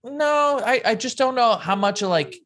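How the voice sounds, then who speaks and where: A man's voice: very high-pitched, lively intonation, a little slow, fairly bright tone. Casual man telling a story on a podcast. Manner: conversational, quotes people in a play-by-play retelling. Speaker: podcast co-host.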